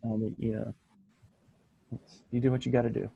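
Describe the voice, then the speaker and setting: A man's voice: medium pitch, flat delivery, brisk, vocal fry, breathy edge, no room sound, phone-quality sound. A man co-hosting a podcast, telling rambling anecdotes in casual chat with frequent restarts. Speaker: podcast co-host.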